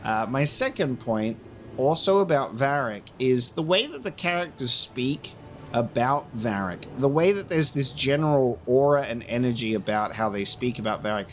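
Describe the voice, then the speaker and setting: A man's voice: medium pitch, lively intonation, moderate pace, a little hiss or hum. A man giving casual, rambling commentary while playing a video game, musing aloud with plenty of fillers. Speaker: gameplay commentator. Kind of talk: casual let's play commentary.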